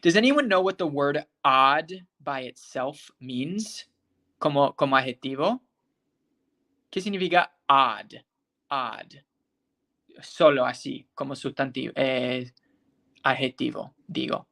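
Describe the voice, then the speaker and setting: A medium-pitched, fairly bright voice with vocal fry leads a live online English class. The teacher says example words slowly and carefully, names students to respond, and regularly makes sure they are following.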